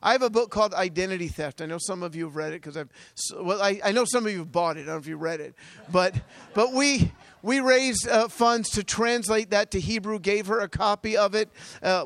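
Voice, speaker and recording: A man preaching a testimony sermon, telling stories with energy, laughing often and swinging from loud bursts to hushed asides. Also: high-pitched, dry recording. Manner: energetic storytelling with frequent laughs.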